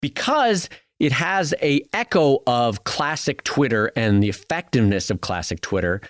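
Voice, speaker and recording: A man co-hosting a podcast, chatting casually in a playful, animated way. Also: mid-range voice, normal speed, dry recording, clean studio sound. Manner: animated, playful, jokes around. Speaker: podcast co-host. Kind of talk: casual chat.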